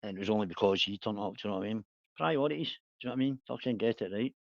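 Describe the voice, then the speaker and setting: A man's voice: lowish voice, rapid-fire, creaky, no room sound, lo-fi sound. A man, hosting a casual livestream chat, rambling, laughing and swearing a lot. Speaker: livestream host.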